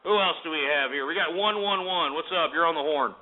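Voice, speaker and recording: A man's voice: a little high, a little fast. A man hosting a call-in radio show, ranting and insulting callers in an abrasive manner. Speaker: radio host. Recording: tinny phone-like audio.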